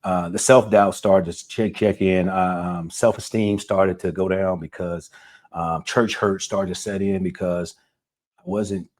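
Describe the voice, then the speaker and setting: A man's voice: deep voice, steady tone, unhurried, a little mellow. A man, an author and car salesman, earnestly telling a personal story in a casual interview, often repeating words. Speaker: author guest.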